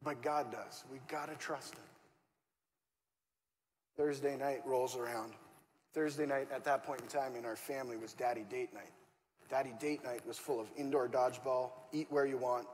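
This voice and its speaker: A man's voice: medium pitch, fairly even intonation, normal speed, a little mellow. Male pastor telling a story in a church. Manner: conversational, acts out quoted dialogue. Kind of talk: storytelling sermon. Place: church auditorium. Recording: church hall reverb, faint room noise.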